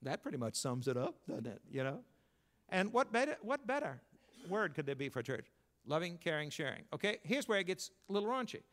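An older man preaching a sermon as pastor, telling folksy stories and swinging between emphatic lines and quiet asides. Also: sing-song, a little fast. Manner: folksy storytelling, rising to emphatic then dropping low.

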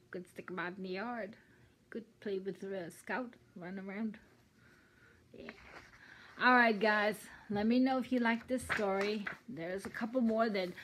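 A woman's voice: medium pitch, slight background noise, low-quality recording. An older woman from Germany with a German accent, reading a children's story aloud with chatty asides. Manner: chatty asides between sentences.

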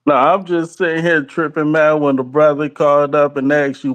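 A man calling into a talk show, loud and joking in casual chat. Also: a little high, flat delivery, moderate pace, hardly any pauses. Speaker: caller.

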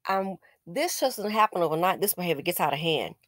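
A woman's voice: lowish voice, expressive, fast, no echo, clean studio sound. A woman giving casual news commentary, indignant and scolding, with sarcastic exclamations.

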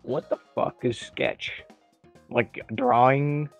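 A man co-streaming a racing game, excitable and foul-mouthed, mocking recycled jokes from chat. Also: mid-range voice, slow, gravelly, soft background music. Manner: excitable, swears a lot, mocks chat jokes. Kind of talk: casual gaming stream chat.

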